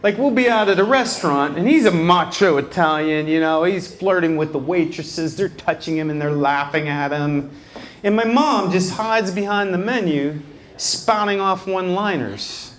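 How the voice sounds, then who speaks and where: A male stand-up comedian with a fairly high voice, working a nightclub crowd through a handheld mic. He tells wry family stories and drops deadpan asides. Laughter from the audience rolls around him. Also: moderate pace. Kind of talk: stand-up routine. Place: nightclub stage before a live audience. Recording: live club with audience laughter.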